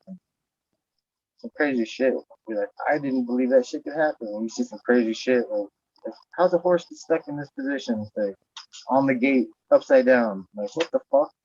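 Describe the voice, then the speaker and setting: In casual podcast chat, a male host with a mid-range voice rambles and swears, raising his voice when he acts out what he said. There's no echo, but the recording has a dull, lo-fi sound.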